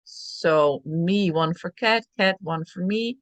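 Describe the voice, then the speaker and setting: Woman podcast co-host, very slow and lilting, giggly, dry close mic. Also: lowish voice, no echo. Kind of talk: casual spiritual chat show.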